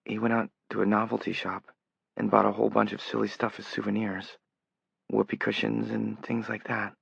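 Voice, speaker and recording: A man's voice: lowish voice, little pitch movement, moderate pace, gravelly, breathy edge, dry recording, heavily acted. A man voicing a tearful, anxious young woman, his voice rising as she pleads. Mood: puzzled. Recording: dull lo-fi audiobook recording.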